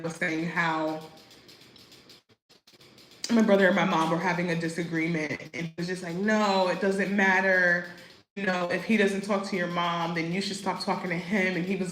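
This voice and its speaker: A woman's voice: lowish voice, fairly even intonation, moderate pace, a bit bright, roomy sound, slight background noise, low-quality recording. A woman vlogging in a casual, chatty way, full of "like" and "you know what I mean," talking about life as an expat. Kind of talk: casual chat. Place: living abroad as an expat.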